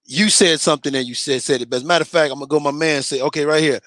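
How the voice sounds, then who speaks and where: A man's voice: on the high side, quick pace, fairly bright tone, no echo. A man co-hosting a casual boxing talk show, reading viewer comments aloud and chuckling along. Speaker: boxing podcast co-host.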